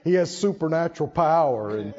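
A man preaching a sermon in an animated style, acting out stories and dropping into hushed asides. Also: a little high, a little fast, lo-fi sound.

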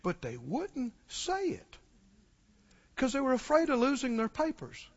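A man's voice: extremely high pitch, huge pitch swings, unhurried. A man preaching a sermon, urgently pressing his congregation with questions. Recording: dull recording, long hall reverb.

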